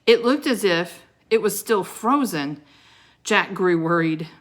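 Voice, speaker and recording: A woman reading a children's book aloud with dramatic expression, pausing to show the pictures. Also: medium pitch, expressive. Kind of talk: expressive read-aloud storytelling.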